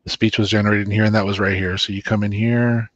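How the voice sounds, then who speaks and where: A man hosting a casual livestream and walking through software, relaxed and rambling with lots of fillers. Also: on the low side, fast, dry recording, muffled recording. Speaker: host demoing software.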